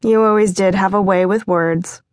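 A woman narrator voicing a lively grown woman from a busy Greek family, brisk and teasing, in an audiobook. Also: medium pitch, dry recording, clean studio sound, lightly acted. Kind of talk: audiobook character voice.

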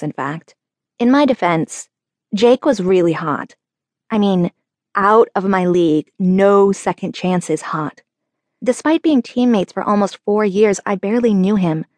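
A woman narrating a young-adult novel in the first person, with measured, earnest storytelling. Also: fairly low pitch, darkish tone, no room sound. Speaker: audiobook narrator.

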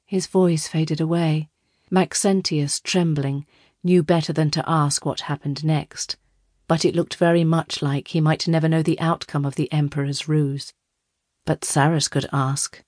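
A woman narrating an audiobook in a measured storytelling manner. Her voice sits low, and the recording is close and dry. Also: fairly even intonation, a little mellow, no room sound. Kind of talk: scripted narration.

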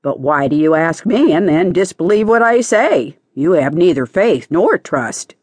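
A woman's voice: on the low side, animated, measured pace, breathy edge, no room sound. A woman voicing a cheerful, knowing male lark in a storybook audiobook, teasing and persistent.

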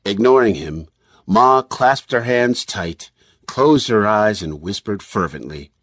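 A male audiobook narrator with a lowish, husky voice that rises and falls expressively. He sounds close to the mic in a dry, dead space. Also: slow pace, no echo. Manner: expressive storytelling. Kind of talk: scripted narration.

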